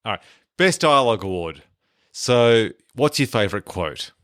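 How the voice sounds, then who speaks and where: A man's voice: fairly low pitch, animated, moderate pace, a bit bright, smooth, no room sound, studio quality. A man co-hosting a casual film podcast, running the segments with wry jokes. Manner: runs the segments, wry and joking. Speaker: podcast co-host. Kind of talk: casual chat.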